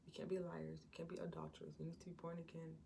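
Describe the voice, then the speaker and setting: A woman teaches from the Bible in a relaxed, chatty way, acting out the people in the stories as she goes. Her voice sits low with a gravelly edge, and a faint hum of room noise stays behind her. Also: fast. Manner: conversational, retells scripture with acted-out quotes. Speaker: Christian preacher.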